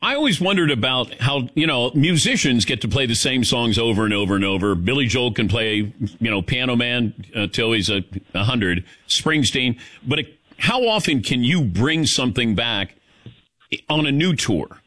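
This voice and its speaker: A male radio host asks quick, playful questions in a relaxed, chatty way. His voice is bright and forceful, and it sounds close and dry with no room around it. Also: medium pitch, no echo. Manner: quick, jokey questioning, laughs easily. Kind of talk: casual interview chat.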